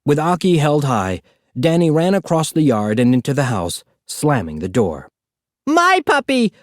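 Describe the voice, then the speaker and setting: A man narrating a storybook in an expressive, animated reading. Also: mid-range voice, normal speed, dry recording, clean studio sound. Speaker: audiobook narrator.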